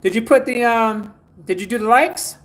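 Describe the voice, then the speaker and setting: A man's voice: extremely high pitch, moderate pace, fairly bright tone. A man hosting a spiritual livestream, reading out viewer comments and urging people to like, share and donate. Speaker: spiritual teacher.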